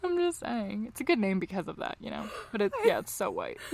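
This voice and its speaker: A young woman co-hosting a true crime podcast, telling the case in a chatty, animated way and laughing often, tired from little sleep. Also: medium pitch, a little fast, gravelly. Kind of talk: casual true crime chat.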